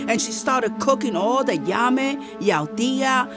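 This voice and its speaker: A woman telling a family story to children in a lively, animated way. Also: a little high, unhurried, over music.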